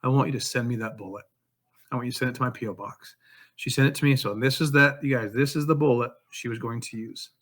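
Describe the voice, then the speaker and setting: A man's voice: medium pitch, steady tone, quick pace, a bit bright. A man being interviewed as an author and songwriter, telling a personal story in an earnest, heartfelt way.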